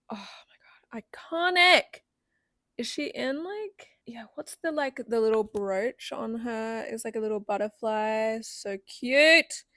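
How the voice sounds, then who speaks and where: A woman's voice: on the high side, fairly bright tone, dry recording, clean studio sound. A woman hosting a reaction video, gushing giddily with frequent squeals and laughs.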